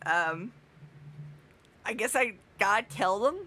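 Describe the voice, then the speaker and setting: A woman's voice: medium pitch, expressive, slow pace, sharp tone. A woman playing a tabletop game, talking in a giggly, stumbling, rambling way. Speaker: player. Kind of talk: tabletop role-play chat.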